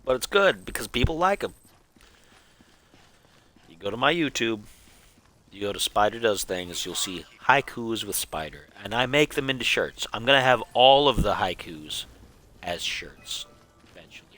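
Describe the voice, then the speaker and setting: A man's voice: on the low side, expressive, normal speed, pauses often, sharp tone. A man streaming a game, chatting casually in a goofy, rambling way and chuckling at his own jokes. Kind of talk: casual live gameplay chat.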